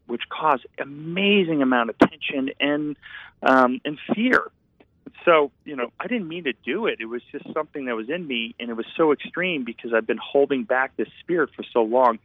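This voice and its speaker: A man's voice: mid-range voice, no room sound. A man, a painter and former architect, telling his story in an earnest, rambling way over a tinny, phone-like sound. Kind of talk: reflective storytelling.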